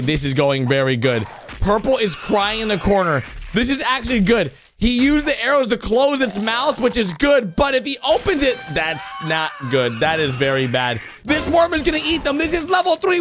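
A man with a high, bouncy voice narrates animated clips as a reaction commentator, jumping from shouts of excitement down to low, worried mumbles. His pitch swings all over the place. There is a faint hiss of noise behind him. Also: moderate pace. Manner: animated, swings between yelling and muttering.

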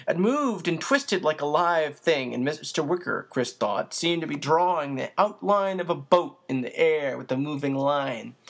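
A steady audiobook narrator reading a chapter of a children's novel. The delivery is even and unhurried, in a middle-pitched voice. Occasional small slips are left in. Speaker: audiobook reader.

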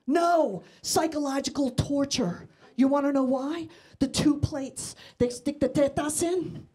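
On stage at a comedy club, a middle-aged stand-up comedian from Mexico, Mexican-American, works the crowd with a handheld mic in a brash, bawdy set. She speaks a little slowly in a high-pitched, mellow voice, while the noisy live audience laughs in the background.

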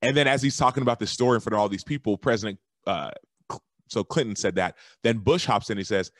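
A man from Texas, a guest on a podcast, telling a lively story in a casual, animated way that jumps high when he quotes himself. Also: fast talker, no echo, studio quality. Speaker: guest, former football linebacker and author.

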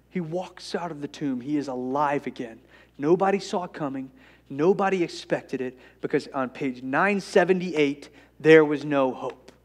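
A man with a high, light voice preaches a sermon as the church's pastor. He tells the story with humor, dropping to a hush and then building to loud, rousing calls. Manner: storytelling, swings from soft and hushed to loud and rousing; playful asides with humor.

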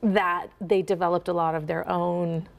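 Gravelly-voiced woman with a Minnesota accent. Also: lowish voice, normal speed. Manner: animated, demonstrates vowel sounds. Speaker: accent and dialect coach. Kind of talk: casual interview.

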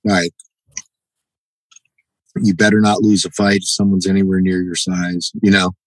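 A man being interviewed on a podcast, telling stories in a halting, reflective way. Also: low voice, little pitch movement, no room sound, low-quality recording. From United States. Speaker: podcast guest, jiu-jitsu black belt. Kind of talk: casual interview, storytelling.

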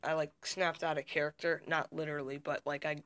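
A young man vlogging casually to camera from a small dark room, rambling with many fillers and restarts. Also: fairly high pitch, level tone, fairly quick, clear, resonant tone. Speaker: YouTuber. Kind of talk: casual behind-the-scenes vlog. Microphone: camera mic.

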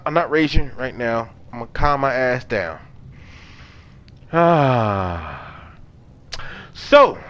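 A young man hosting a let's play, chatting casually and yelling and swearing when startled. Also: on the high side. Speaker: gaming channel host.

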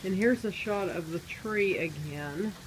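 A woman's voice: fairly low pitch, a little slow, a little hiss or hum, low-quality recording. Woman, mom vlogger, sing-song baby talk, handheld camera at home. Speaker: vlogger and mother. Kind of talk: casual home vlog. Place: home, indoors and at the back door.

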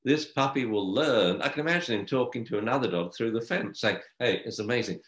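A man's voice: mid-range voice, animated, fairly quick, fairly bright tone, reverberant. An older man, a dog trainer, talking in a chatty way and laughing often. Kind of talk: casual discussion.

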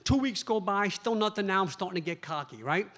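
A male stand-up comedian tells a story at a club in a high, lively voice. He keeps checking in with the crowd as he goes. A faint noise sits underneath. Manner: fast, animated storytelling with frequent "right?".

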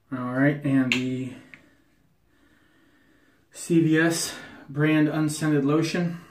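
A man's voice: medium pitch, background noise. Chatty Ohio man reviewing shaves. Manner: chatty and self-deprecating, rambling asides. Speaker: wet shaving YouTuber. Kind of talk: casual product review. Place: porch at home.

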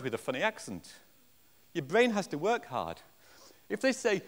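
English man, conference talk, lively swooping delivery, slightly high voice, self-mocking jokes, long hall echo. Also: a little fast. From England. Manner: animated, jokey, self-deprecating. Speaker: conference speaker. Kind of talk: conference presentation.

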